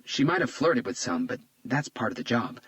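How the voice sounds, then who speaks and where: A man's voice: medium pitch, very animated, moderate pace, a bit bright, no echo, voice pushed up. A man reading as a tearful, grieving young woman who works as an estate agent, his voice raised and trembling. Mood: subdued grief. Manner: breathy, trembling delivery.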